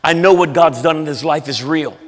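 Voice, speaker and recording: A preacher voicing firm, loyal Barnabas. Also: male voice, a little high, a little fast, lightly acted. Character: loyal encouraging man, Barnabas. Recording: echoey church hall.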